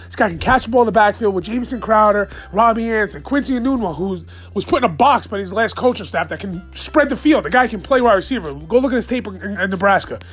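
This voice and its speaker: A man hosting a solo sports fan podcast late at night, excited, profane and rambling as he rants. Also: high-pitched, quick pace, breathy edge, faint music behind. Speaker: podcast host.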